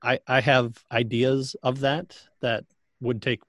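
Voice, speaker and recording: A man in a casual conversation about church matters. He speaks in a halting, thoughtful way with frequent restarts. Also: medium pitch, flat delivery, fairly bright tone, dry recording, clean studio sound.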